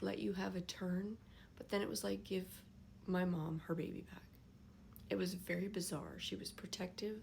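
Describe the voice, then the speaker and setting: An older woman, a grandmother, telling a personal story to camera in an emotional, reflective way, often dropping into soft whispers. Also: medium pitch, vocal fry, a little hiss or hum. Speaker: vlogger.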